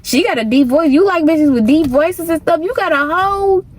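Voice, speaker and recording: A woman's voice: extremely high pitch, moderate pace. A woman vlogger telling a personal story in a casual, slangy, emphatic way.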